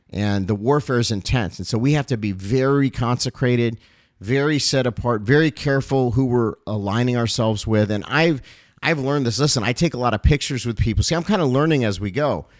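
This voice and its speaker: A man's voice: on the low side, dry recording, clean studio sound. A male pastor giving a heartfelt address to his ministry's supporters, earnest and emotional, often repeating phrases and using fillers.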